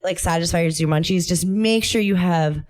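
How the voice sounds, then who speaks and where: A young adult woman talks casually as a podcast co-host, her voice sitting a little low. She rambles and giggles through her points. She is close to a studio mic. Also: normal speed, a little mellow. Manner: giggly and rambling, laughing often mid-sentence. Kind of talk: casual chat.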